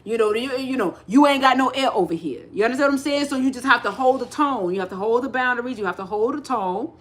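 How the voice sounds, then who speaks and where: High-voiced animated woman on livestream. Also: fast. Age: middle-aged. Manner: animated, repeats phrases, acts out quoted voices. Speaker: spiritual livestream host. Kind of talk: casual livestream talk.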